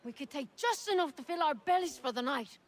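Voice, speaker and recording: Weary street beggar for a game, high voice, faint noise. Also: female voice, lively intonation, a little fast. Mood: begging. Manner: begging, weary. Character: poor young street beggar woman.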